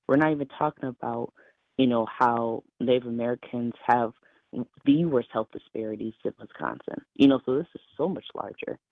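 Gravelly male guest on a phone line. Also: medium pitch, normal speed, no room sound. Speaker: state representative, studio guest. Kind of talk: talk radio interview.

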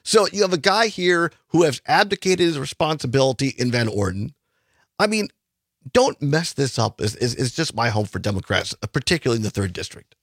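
A man's voice: mid-range voice, sing-song, brisk, fairly bright tone, no room sound, studio quality. A man hosting a talk radio show, chatting in an opinionated, rambling way with frequent restarts. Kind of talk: casual political talk radio chat.

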